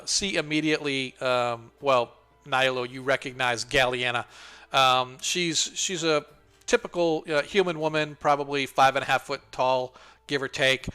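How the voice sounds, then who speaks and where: Bright-voiced man narrating a tabletop game. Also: mid-range voice, clear, resonant tone. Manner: halting, full of ums and restarts. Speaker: game master.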